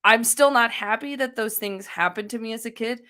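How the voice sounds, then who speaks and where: Bright-voiced woman, earnest and reflective. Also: on the high side, normal speed. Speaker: co-host. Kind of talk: casual discussion.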